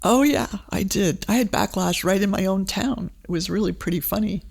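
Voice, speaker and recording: A middle-aged woman from Maine, a guest in an interview, telling personal stories in a casual, animated way with many fillers and restarts. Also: mid-range voice, normal speed, vocal fry, slightly rough. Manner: animated, frequent fillers and restarts, acts out quoted voices. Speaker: guest, advertising agency CEO and former state representative.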